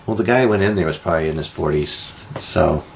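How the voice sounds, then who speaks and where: A man's voice: deep voice, quick pace, gravelly. Guy cohosting a chatty podcast, jokey and teasing, little hiss in the back. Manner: teasing, jokey, reads out odd news stories. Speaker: podcast co-host. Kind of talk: casual news chat.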